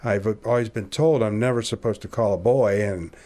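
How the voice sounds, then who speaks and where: A man of about sixty from Ohio tells a long personal story as a podcast guest. His voice sits fairly low, and he brings it to life by acting out each character's lines and laughing at himself along the way. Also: moderate pace. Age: around 60. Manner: animated storyteller who acts out dialogue, laughing at himself. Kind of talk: casual storytelling interview.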